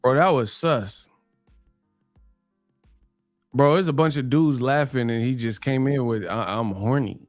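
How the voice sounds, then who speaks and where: A man's voice: medium pitch, measured pace, long pauses, faint music behind. A man from New Mexico hosting a live stream, bantering in slang, laughing often and reading donations. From New Mexico, USA.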